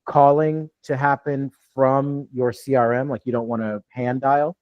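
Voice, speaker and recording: A man's voice: mid-range voice, level tone, measured pace, no room sound, muffled recording. A man from New York coaching a live online training, talking loosely with many restarts over a video call. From New York, USA. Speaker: real estate deal coach.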